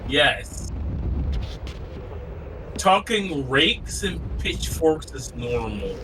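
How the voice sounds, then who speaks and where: A man chatting casually on a gaming stream, blunt and quick to swear. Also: fairly high pitch, big pitch swings, distant mic, background noise. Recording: loud game music behind.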